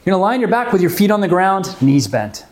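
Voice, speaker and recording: Calm man coaching an exercise class. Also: high-pitched, quick pace. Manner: calm, gently coaching, explains the reasons for each move. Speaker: movement class instructor. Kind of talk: guided exercise class instruction.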